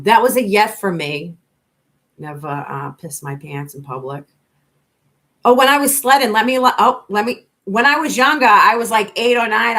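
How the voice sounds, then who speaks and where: A woman's voice: low-pitched, fairly bright tone. A middle-aged woman with a Boston accent, hosting a casual livestream and talking bluntly and profanely in a rambling way. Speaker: livestream host.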